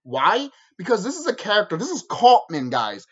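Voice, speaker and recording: A man's voice: high-pitched, normal speed, breathy edge, dull audio. A man giving a casual, rambling video review, talking with heavy swearing and frequent laughter. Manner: animated, profane, laughs often.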